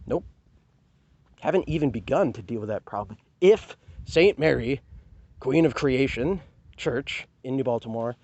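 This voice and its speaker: A man's voice: mid-range voice, no echo. Angry profane man ranting to camera. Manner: profane, heated and sarcastic, with many rhetorical questions. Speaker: vlogger. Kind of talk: angry personal rant to camera.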